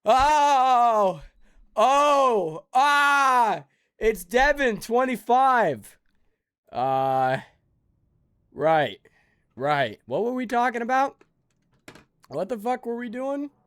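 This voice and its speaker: A man's voice: extremely high pitch, very animated, slow pace, pauses often, smooth, no echo, studio quality. A man streaming a game live, joking and rambling sleepily with his chat.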